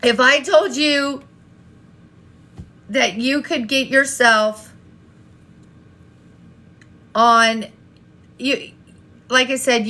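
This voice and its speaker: Her voice sits on the high side with a sharp tone as she coaches viewers on a live stream. Speaking straight to them, she peppers the talk with rhetorical questions and frequent repetition.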